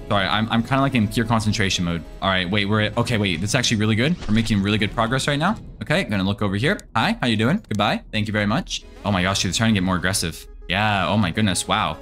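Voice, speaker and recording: A man's voice: fairly low pitch, fast talker, hardly any pauses, fairly bright tone, soft background music. A young man giving casual let's-play commentary on a horror game, nervous and jittery, talking to the monsters and his viewers. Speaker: gaming video creator.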